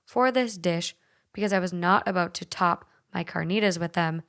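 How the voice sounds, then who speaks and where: This podcast host is a young woman whose light Minnesotan accent comes through in a fairly low, smooth, slightly bright voice at a moderate pace. She keeps things casual, curses without hesitation, and reads out stories sent in by listeners.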